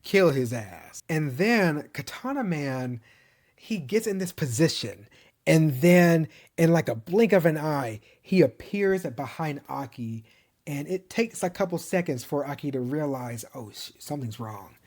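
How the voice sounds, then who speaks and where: A man's voice: a little high, unhurried. Man casually recapping an anime season. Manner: animated storytelling, chuckles often, mimics characters' lines.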